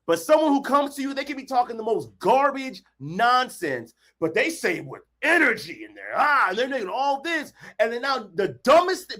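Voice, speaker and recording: Animated man shouting motivational points. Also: high voice. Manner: animated, acts out quotes, bursts into shouts. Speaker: workshop host, counselor. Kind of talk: motivational workshop talk. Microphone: video call.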